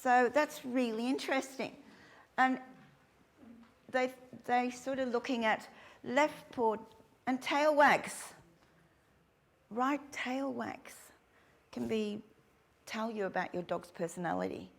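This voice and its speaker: A woman's voice: on the high side, slow pace, pauses often. A middle-aged woman giving a chatty workshop talk to dog training instructors. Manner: chatty, animated, acts out little quotes.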